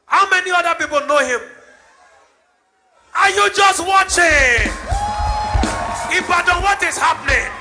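Male preacher, high and very bright, exhorting a crowd; light music underneath. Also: expressive, measured pace, pauses often. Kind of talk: healing service preaching. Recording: live church service with music.

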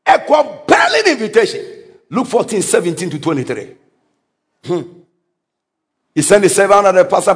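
A male pastor delivers a lively sermon in a high, bright voice that leaps up and down. He bursts into sudden shouts and chuckles at his own anecdotes. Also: normal speed, pauses often. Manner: animated preaching, sudden shouts, laughs at own stories. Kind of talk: energetic sermon.

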